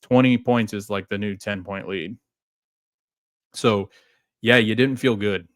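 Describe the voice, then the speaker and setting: A man's voice: lowish voice, fairly even intonation, measured pace, no room sound, studio quality. A man hosting a sports fan show, talking casually and rambling through a game recap with many restarts. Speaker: podcast host.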